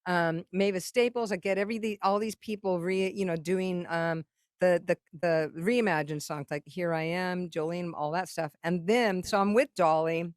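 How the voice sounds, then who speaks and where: A woman's voice: on the low side, fairly even intonation, normal speed, no echo, clean studio sound. A woman guest telling long, rambling stories in a casual interview, swearing freely and acting out what others said. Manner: rambling, profane, acts out quoted dialogue. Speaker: guest songwriter and producer.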